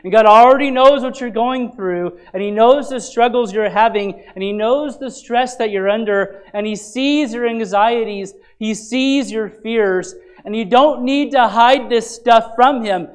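A man's voice: very high-pitched, unhurried, few pauses, clear, resonant tone, low-quality recording. A male pastor giving an earnest, conversational sermon in a church, asking his listeners rhetorical questions.

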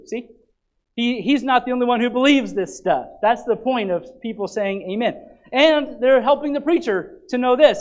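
A man preaches from the pulpit of a church, his voice sitting notably high. He talks in an animated, emphatic way and often restarts his sentences mid-thought. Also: normal speed, poor audio. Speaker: pastor. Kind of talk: sermon.

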